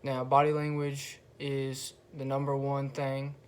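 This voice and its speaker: Flat-voiced young man musing casually. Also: mid-range voice, clean tone. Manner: slow, flat, relaxed delivery with pauses and frequent swearing. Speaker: podcast host. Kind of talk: casual monologue.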